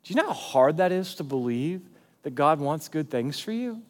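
A man's voice: a little high, very animated, moderate pace, big-room sound. A male pastor preaching a sermon in a church, talking conversationally and then pressing hard on key points. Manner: conversational, emphatic preaching with big swings in loudness.

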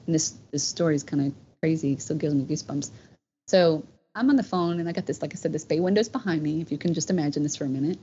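A woman's voice: sits low, fast talker, warm tone, slight background noise. A woman, telling a personal story as a podcast guest in a heartfelt, rambling way, with many "you know" fillers. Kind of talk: casual storytelling. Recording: dull lo-fi podcast audio.

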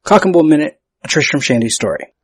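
Podcast host, male, gravelly and husky, casual and self-mocking, stumbles over words. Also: a little high, big pitch swings, quick pace, no echo. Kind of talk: casual solo podcast talk.

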